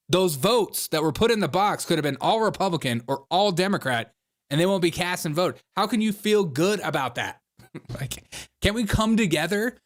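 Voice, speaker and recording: A man's voice: high voice, no echo, studio quality. Sarcastic, laughing male commentary host. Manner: sarcastic, laughs often between remarks. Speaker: host of a political commentary show. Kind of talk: casual reaction commentary.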